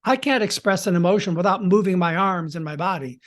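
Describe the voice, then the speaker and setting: A man's voice, high and a bit bright, belongs to a podcast host who coaches storytelling. He teaches in a theatrical manner, with dramatic pauses and shifting speed and volume.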